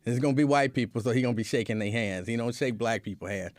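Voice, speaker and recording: A man hosting a casual livestream show, telling a story in an animated way, laughing often and acting out scenes. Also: mid-range voice, quick pace, no echo, studio quality. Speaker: show host.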